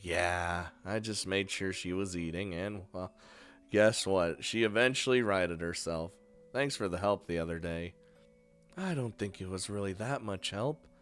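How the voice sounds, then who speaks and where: A man voicing a soft-spoken gentle young woman. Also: deep voice, measured pace, faint music behind.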